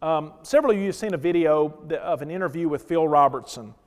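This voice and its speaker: A man preaching a sermon as pastor, telling stories and swinging between loud emphatic lines and hushed ones. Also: on the high side, expressive, quick pace, in a large hall.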